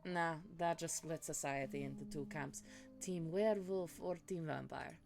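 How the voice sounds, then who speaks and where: A woman's voice: deep voice, normal speed, vocal fry, darkish tone, faint music behind. A woman playing a dry, teasing wandering adventurer. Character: wry wandering adventurer with news of monsters. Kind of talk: cosy tavern role-play.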